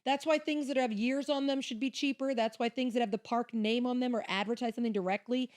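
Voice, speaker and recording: A woman's voice: a little high, fairly even intonation, quick pace, a little mellow. A woman co-hosting a fan podcast in casual chat, backing up her partner with short replies and adding her own views. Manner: agreeable, chimes in with short replies and opinions. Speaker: podcast co-host.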